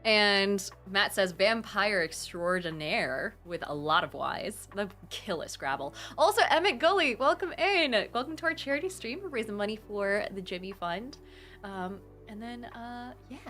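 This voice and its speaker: A young woman hosting a charity live stream, reading out donations and chatting with bubbly, gushing excitement from her home computer. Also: mid-range voice, normal speed, soft background music. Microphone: desktop streaming mic.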